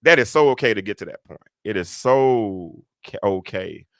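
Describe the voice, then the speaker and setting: A man preaches a Bible lesson over a livestream. His low voice jumps into high, loud emphasis and then drops to mumbled side comments. The recording is dry and close. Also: expressive, moderate pace, dry recording. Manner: swings between loud preaching and quiet muttered asides. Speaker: preacher and podcast host. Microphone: computer mic on a livestream.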